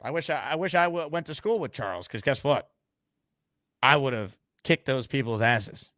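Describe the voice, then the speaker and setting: A man's voice: mid-range voice, animated, moderate pace, bright, forceful tone, dry recording. A man hosting a call-in sports show, playful and teasing with callers. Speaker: host.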